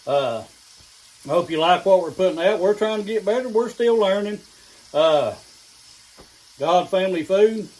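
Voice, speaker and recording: A middle-aged man with an East Tennessee drawl hosts a homespun cooking vlog from his kitchen. His voice sits fairly high, and he talks in a friendly, folksy way, sometimes while chewing. A skillet sizzles behind him. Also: expressive, unhurried, pauses often, darkish tone, rough recording. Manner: folksy and down-home, talking while eating. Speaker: home cooking channel host. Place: home kitchen. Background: food sizzling in a skillet.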